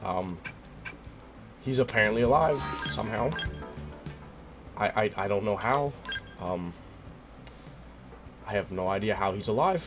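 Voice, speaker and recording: A man's voice: on the low side, measured pace, long pauses, over music. A young man streaming a game live, baffled and swearing, repeating himself, his voice cracking and cutting out.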